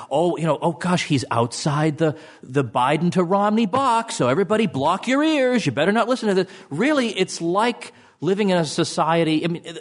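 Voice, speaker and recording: A middle-aged man giving a speech to an audience as an author, with a sardonic, mocking tone and sudden jumps in pitch.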